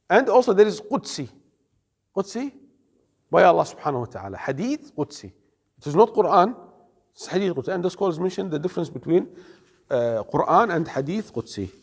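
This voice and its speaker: A man's voice: a little high, slightly rough, long reverb tail. A man teaching an Islamic studies class, explaining carefully, quizzing his students and mixing in Arabic terms. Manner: explains slowly, asks the class questions, mixes in Arabic words. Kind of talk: classroom lecture.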